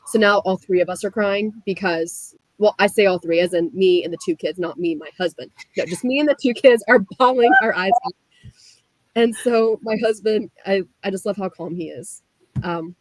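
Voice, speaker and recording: A young woman from the US Midwest telling her story as a guest, animated and full of "like" fillers. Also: medium pitch, no room sound, rough recording. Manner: animated, frequent "like" fillers, laughs while telling. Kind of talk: casual storytelling.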